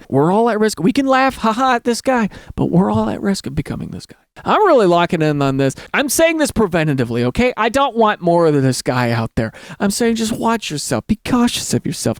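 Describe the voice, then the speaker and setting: A man's voice: sits high, no room sound, studio quality. A man hosting a podcast, telling stories in a loose, rambling, joking way. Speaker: podcast host. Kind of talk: casual comedic storytelling.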